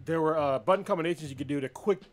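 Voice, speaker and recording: Fast-talking blunt man on a podcast. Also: on the high side. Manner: blunt, swears freely. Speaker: podcast co-host. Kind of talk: casual chat.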